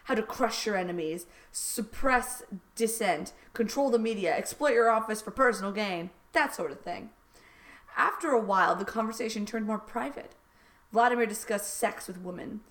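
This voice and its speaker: A woman reading a raunchy satirical story aloud with dry, deadpan delivery. Her pitch sits in a mid range. She banters casually between passages of the comic read-aloud. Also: moderate pace. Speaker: podcast co-host reading fan fiction aloud.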